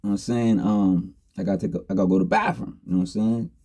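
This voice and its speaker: A man's voice: low voice, steady tone, rapid-fire, dark tone. Laid-back slangy man telling a story. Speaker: storyteller host. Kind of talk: casual storytelling.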